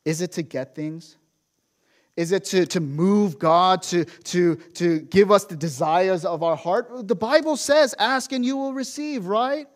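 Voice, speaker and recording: A man preaching a sermon in a storytelling way, acting out quotes and asking rhetorical questions. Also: a little high. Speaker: pastor.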